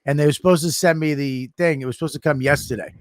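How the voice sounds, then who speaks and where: A middle-aged man co-hosting a podcast, telling animated, profane stories in casual chat. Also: fairly high pitch, quick pace, dry recording, studio quality. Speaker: podcast co-host.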